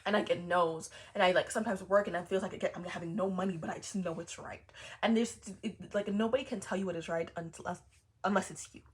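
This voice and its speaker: A young woman talking in a casual vlog as a spiritual content creator, animated and repetitive, with swearing and laughing asides. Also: lowish voice, fast. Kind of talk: casual personal vlog monologue.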